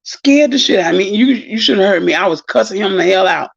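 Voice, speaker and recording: A middle-aged woman hosts a rambling live-stream chat, her gravelly voice full of fry and a husky edge. She tells a story in animated bursts, exclaiming as she goes. The recording sounds dull and lo-fi. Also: medium pitch, fairly quick. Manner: animated, exclaiming, long-winded. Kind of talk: casual storytelling monologue.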